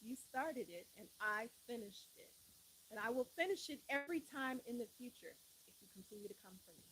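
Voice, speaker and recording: A woman's voice: on the high side, lively intonation, fairly quick, pushed and bright, slight background noise, rough recording. A woman hosting a live stream, chatting casually and animatedly, often breaking into laughter.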